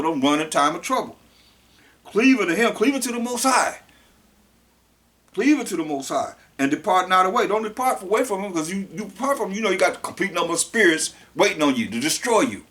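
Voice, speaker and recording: A man gives a scripture sermon in a fairly high voice. He reads each verse slowly and then breaks it down in relaxed everyday speech. He often repeats words and whole phrases as he goes. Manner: reads verses slowly then explains in casual street talk. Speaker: preacher.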